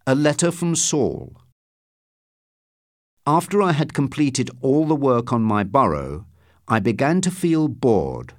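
A man reading a story aloud as narrator, in a steady, measured storytelling voice. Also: medium pitch, no room sound, clean studio sound. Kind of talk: scripted audiobook narration.

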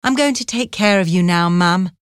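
A woman voicing a gentle, devoted young daughter who speaks softly and tenderly. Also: fairly low pitch, moderate pace, clean tone, dry recording, studio quality, natural voice. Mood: earnest, loving. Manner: soft, tender speech.

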